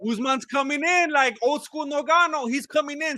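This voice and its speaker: High, bright-voiced man joking through a fight. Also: fairly quick, dry recording. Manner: joking, rambling, repeats himself. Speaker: fight commentator. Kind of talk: casual live fight watch-along commentary.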